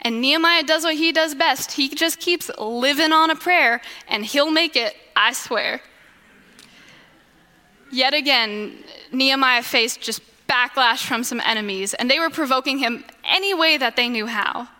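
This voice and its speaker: Bright high-voiced woman giving a devotional. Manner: expressive, slows to a deliberate refrain. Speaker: devotional speaker. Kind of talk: devotional Bible talk. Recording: long echoing reverb.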